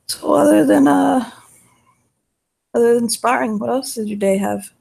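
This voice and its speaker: A player voicing a gentle, protective older brother who speaks softly and calmly. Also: mid-range voice, measured pace, creaky, husky, pitched above the performer's own voice, exaggerated voice. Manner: gentle and soft-spoken. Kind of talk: tabletop role-play in character.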